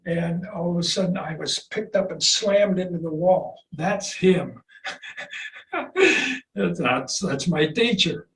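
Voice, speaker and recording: Old man in his eighties, high-pitched, halting and rambling, chuckling, far from the mic, faint hiss. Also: vocal fry, a bit bright. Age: 80s. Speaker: qigong teacher. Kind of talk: casual storytelling. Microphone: video call. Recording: roomy, distant video-call audio with faint noise.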